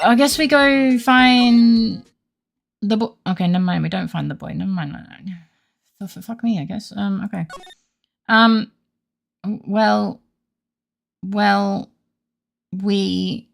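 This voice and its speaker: A woman's voice: mid-range voice, creaky. A woman streamer in a casual gaming livestream, rambling and self-deprecating, with mumbled asides.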